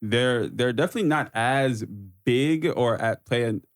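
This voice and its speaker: A man's voice: mid-range voice, moderate pace. Man, podcast co-host, emphatic, repeats himself, casual chat.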